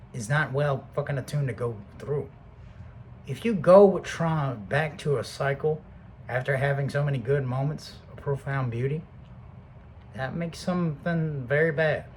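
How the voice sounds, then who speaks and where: A man rambling through a casual, heavily profane motivational monologue that swings between loud bursts and low mutters. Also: measured pace, a little hiss or hum, rough recording. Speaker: vlogger.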